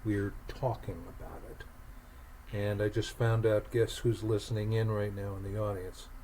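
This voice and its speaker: Low-voiced emphatic man hosting. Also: fairly even intonation, normal speed, dark tone, a little hiss or hum, low-quality recording. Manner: emphatic, repeats words when starting. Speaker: podcast host. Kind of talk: conversational storytelling.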